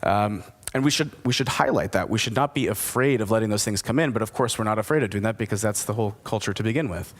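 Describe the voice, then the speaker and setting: A man's voice: on the low side, fast talker. A man giving a conversational conference presentation, enthusiastic and asking his audience questions. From United States. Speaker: distillery speaker at a whisky forum.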